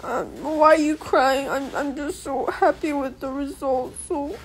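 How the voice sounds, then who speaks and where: A woman's voice: high-pitched, fairly even intonation, a little slow, slight background noise. A young woman chatting casually on a phone livestream, tearful and giggly, often laughing through her crying. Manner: giggly, emotional, mixing in Korean. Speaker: singer on a livestream.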